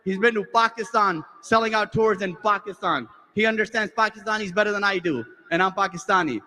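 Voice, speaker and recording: A man's voice: brisk, long reverb tail, rough recording. A man from the United States hosting on stage, telling a stand-up anecdote and acting out the dialogue. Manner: animated storyteller, acting out dialogue with lowered voices. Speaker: emcee host. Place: large convention hall stage.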